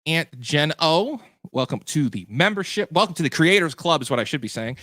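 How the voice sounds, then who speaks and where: A man's voice: a little high, big pitch swings, brisk, sharp tone, dry recording. A man hosting a livestream post-show as game master, chatting loosely and correcting himself as he answers viewer questions.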